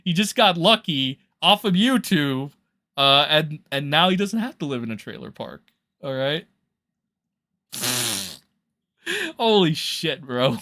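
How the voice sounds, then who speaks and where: A man's voice: on the high side, very animated, slow pace, pauses often, bright, forceful tone, no echo, studio quality. A man hosting a livestream, reacting to clips in a loose, sarcastic and profane way. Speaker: livestream host.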